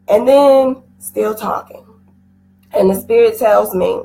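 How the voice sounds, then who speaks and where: A woman's voice: on the high side, measured pace, poor audio. A middle-aged woman giving an intense, emotional personal testimony, her voice rising at times. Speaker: guest sharing a personal story.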